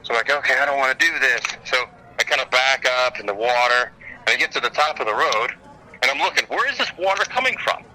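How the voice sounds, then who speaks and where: Male co-host, punchy bright tone, animated storyteller, phoned in. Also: medium pitch, fast, rough recording. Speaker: podcast co-host. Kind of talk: casual storytelling chat. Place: airport.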